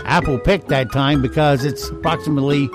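With music playing in the background, a radio host with a mid-range, steady voice reads poll results and fun facts a little fast. His casual banter is wry and sprinkled with dry little asides.

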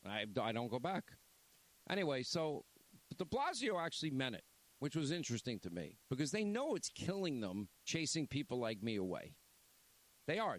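A man hosting a talk radio show, rambling and blunt, reading an ad and chatting casually. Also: medium pitch. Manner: rambling, blunt, repeats himself.

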